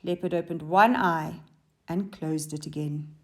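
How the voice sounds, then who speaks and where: A woman teacher reading a children's story aloud, with expressive and animated delivery. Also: low-pitched, measured pace. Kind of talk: storybook narration.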